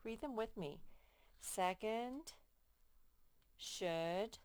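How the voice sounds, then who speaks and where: A woman teaching young children to read, slowly stretching out each word with patient, clear explanations. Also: mid-range voice, lively intonation, a little mellow, no echo. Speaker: first-grade teacher. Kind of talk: slow, patient phonics lesson to young children.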